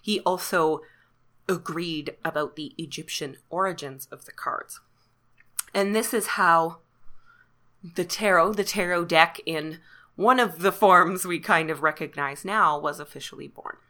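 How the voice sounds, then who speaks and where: A woman's voice: fairly low pitch, a little slow, pushed and bright. A Canadian woman hosting a podcast, talking in a chatty, self-deprecating way and laughing often. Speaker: podcast host. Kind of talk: casual solo podcast monologue.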